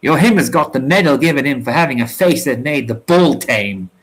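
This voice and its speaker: Cocky brawling sailor read by a man, scornful put-downs, rough slang, mid-pitched, storybook reading. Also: expressive, a little fast, a bit bright, low-quality recording. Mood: scornful boasting.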